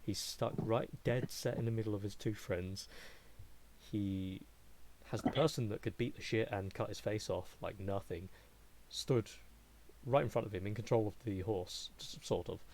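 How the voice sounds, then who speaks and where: A man's voice: lowish voice, normal speed, poor audio. A man narrating as game master in a tabletop game, describing scenes vividly. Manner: lively, vivid, laughing narration.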